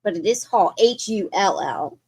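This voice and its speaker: A woman's voice: mid-range voice, expressive, moderate pace, warm tone, husky. A woman hosting a live online sale, describing a piece of pottery in chatty detail. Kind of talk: live sales presentation.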